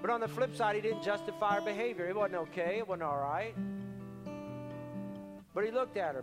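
A man's voice: sits high, brisk, long pauses. A male pastor preaching a conversational sermon, often repeating his words and acting out the people in his stories. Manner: conversational, repeats words, acts out quoted voices. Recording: long hall reverb with faint music.

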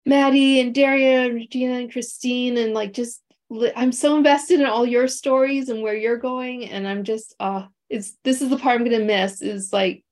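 A woman's voice: a little high, fairly even intonation, normal speed, few pauses, a little mellow. A woman on an online call, a coaching client talking casually in rambling, grateful sentences full of fillers and restarts.

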